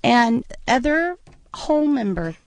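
A woman's voice: fairly high pitch, slow pace, no room sound. Chatty woman radio host. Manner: rambling, chatty, animated when retelling stories. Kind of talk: casual radio chat.

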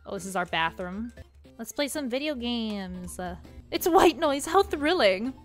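A woman's voice: a little high, big pitch swings, a little slow. A young woman streamer chatting and giggling through a game, reading its text aloud, with music faintly behind. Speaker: gaming streamer. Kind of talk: let's play commentary.

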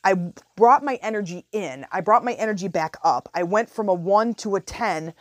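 A woman hosting a podcast, telling a personal story in a casual, animated way. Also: medium pitch, normal speed, no room sound, studio quality. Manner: animated, chatty, retells her own thoughts aloud. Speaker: podcast host.

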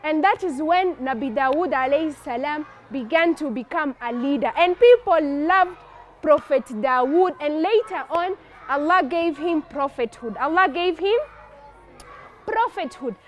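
A woman telling a story to children in an animated, expressive, playful way. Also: high-pitched, normal speed.

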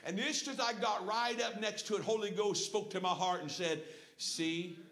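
A middle-aged man preaching a folksy sermon with personal stories, swinging from hushed asides to shouted praise. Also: sits high, a little fast. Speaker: pastor. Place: church sanctuary. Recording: echoey church room. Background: congregation calling out responses.

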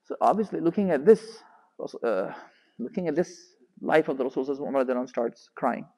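A man giving a storytelling religious lecture, animated and raising his voice sharply when he quotes the people in his story. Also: on the high side, normal speed, breathy edge, in a large hall, poor audio. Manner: animated, raises voice sharply when quoting figures.

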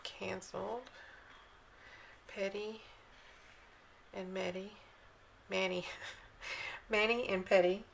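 A woman's voice: medium pitch, vocal fry, a bit bright, a little hiss or hum, low-quality recording. A woman vlogging a casual walkthrough of planner sticker books, reading the slogans aloud in a chatty, admiring way.

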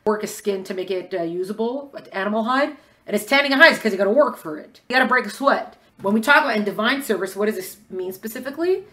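A woman teaching a lecture class in a quick, conversational way, acting out bits of dialogue. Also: mid-range voice, animated, sharp tone. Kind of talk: lecture on religious texts.

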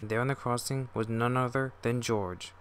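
A man reading a fan-made children's-style railway story as narrator, in a steady, plain storytelling manner. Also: mid-range voice, normal speed, smooth. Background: faint music.

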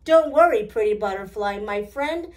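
A woman voicing a cheerful, curious little girl doll in a high, eager childlike voice. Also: animated, moderate pace, a little mellow, natural voice.

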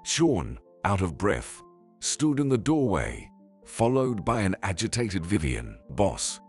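Narrator: low, breathy male voice, animated melody, light music bed. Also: slow pace. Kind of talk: scripted storytelling narration.

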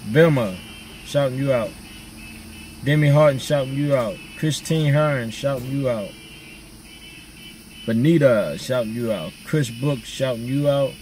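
A man's voice: medium pitch, a little slow, long pauses, darkish tone, far from the mic, a little hiss or hum. Laid-back man chatting from afar. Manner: laid-back, chatty slang, reads out viewer names. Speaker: vlogger. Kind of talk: casual chat with viewers.

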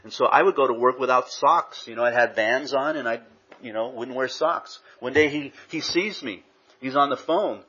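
A man's voice: mid-range voice, moderate pace, bright, forceful tone, breathy edge. A middle-aged man from Southern California preaching a sermon in a conversational way, with lots of "you know" asides. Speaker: pastor. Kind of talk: sermon with personal storytelling. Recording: dull lo-fi recording.

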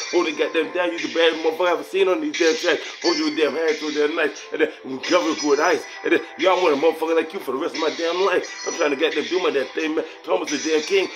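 A man freestyling as a producer, rambling loosely and cursing constantly, repeating "man" at the end of his lines. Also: a little high. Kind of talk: profane freestyle talk-rap over a beat. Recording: music playing loudly under the voice.

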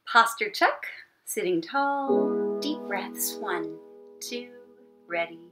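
Gentle singing music teacher with piano. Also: female voice, mid-range voice, lively intonation. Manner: gentle, encouraging, slow and clear, sings warm-ups. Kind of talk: online elementary music class. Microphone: computer mic. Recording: piano playing along.

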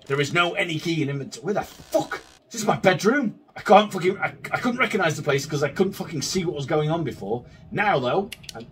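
A man's voice: fairly high pitch, animated, brisk, hardly any pauses, slight background noise. A man commentating a horror game as he plays, swearing constantly and arguing back at it in an agitated way. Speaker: gaming video creator. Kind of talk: let's play commentary. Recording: distant mic with faint game music.

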